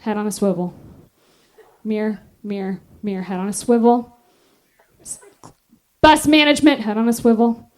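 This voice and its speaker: Casting: a gruff bus-driving examiner lady with a low, clipped, drill-like delivery, put on by a woman comic. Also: steady tone, moderate pace, long pauses, lightly acted. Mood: stern.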